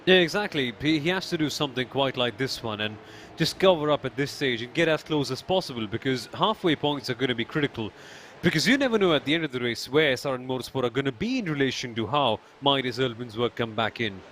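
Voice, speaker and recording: A man co-commentating on a live sim race, excitable and thinking aloud as he analyses the incidents. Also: medium pitch, fast, slight background noise. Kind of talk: live esports racing commentary.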